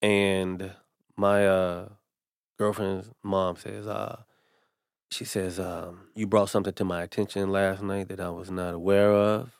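A man with a fairly low voice tells a personal story in a relaxed podcast chat. He slips into the voices of the people he quotes. The sound is dry and close to the mic. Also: unhurried, gravelly, smooth, no echo. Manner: animated storyteller acting out quotes. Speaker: comedian guest. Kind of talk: casual storytelling.

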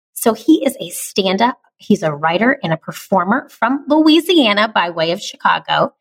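A woman from the American South and Midwest hosts a podcast, handling the intro and host talk with a nasal twang in an upbeat, playful manner. Her pitch is fairly high, and there's no echo.

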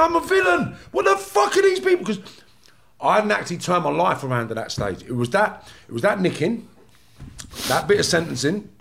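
Emphatic, swearing ex-con with a high, gravelly voice. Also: male voice. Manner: swearing, emphatic, acts out quotes. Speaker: former offender, guest. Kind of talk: animated storytelling in conversation.

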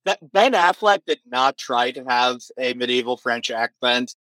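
A man co-hosting a casual podcast, an animated and giggly film enthusiast. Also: medium pitch, moderate pace, dry recording, low-quality recording. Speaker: podcast co-host. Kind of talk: casual chat.

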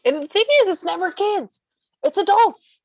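A woman guest talking casually about life with her service dog, blunt and sarcastic with quick asides. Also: very high-pitched, no echo, rough recording. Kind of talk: casual chat.

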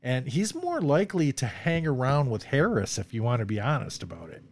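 A man's voice: medium pitch, very animated, brisk. A man hosting a casual movie discussion podcast, rambling and laughing often as he quotes lines. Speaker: podcast host.

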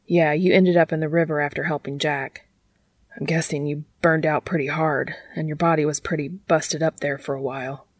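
A woman reading aloud, voicing an anxious young man who speaks quietly and in a hurry. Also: deep voice, steady tone, normal speed, no room sound. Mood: flustered. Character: anxious young man caring for his friend.

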